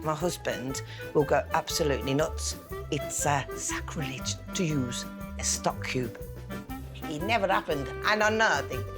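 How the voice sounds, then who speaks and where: A woman's voice: sits low, moderate pace, music in the background. A woman, a contestant chatting and joking as she cooks in her home kitchen. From West Midlands, England. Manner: chatty, exclamatory, jokey. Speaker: contestant cook.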